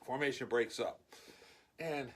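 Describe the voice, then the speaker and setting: A man casually telling a story in his vlog, animated and swearing freely. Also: mid-range voice, measured pace.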